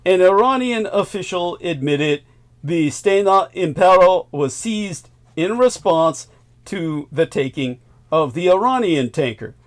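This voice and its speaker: A man's voice: high voice, lively intonation, measured pace. A male host delivering a long current-affairs monologue, emphatic, with sardonic asides and chuckles.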